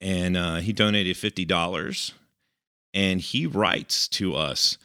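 Male podcast co-host, low voice, sharp tone, chatty and filler-heavy. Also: takes it slowly, smooth, no room sound, studio quality. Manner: rambling, filler-heavy, chuckling. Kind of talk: casual podcast chat.

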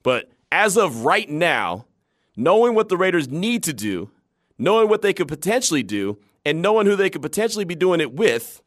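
A man hosting a sports talk radio show, chatting with animated energy and laughing easily. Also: on the high side, moderate pace, no echo, clean studio sound.

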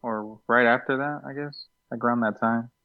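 A man's voice: medium pitch, steady tone, normal speed. A man chatting casually on a podcast, laid-back and rambling about work. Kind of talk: casual chat. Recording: slightly dull lo-fi sound.

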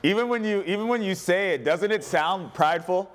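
A man preaching a sermon as pastor, animated and humorous, calling on the congregation to respond. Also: sits high, fairly quick.

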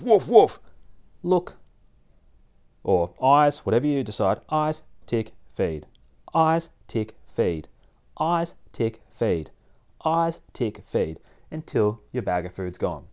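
Animated low-voiced man teaching dog training. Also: takes it slowly. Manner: animated, acts out dogs and people in playful voices, laughs often. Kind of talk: casual instructional talk.

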